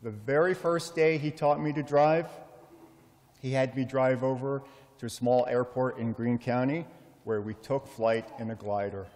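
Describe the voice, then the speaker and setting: Man, middle-aged, funeral eulogy, measured heartfelt storytelling, medium pitch, long hall reverb. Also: a little mellow. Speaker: son giving a eulogy. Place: memorial service in a large hall.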